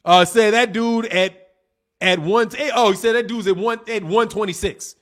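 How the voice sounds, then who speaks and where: A man's voice: high voice, fairly even intonation, moderate pace, fairly bright tone. A man giving casual livestream commentary on boxing, reading chat comments and answering them in a blunt, heated, slang-heavy way, often repeating his points.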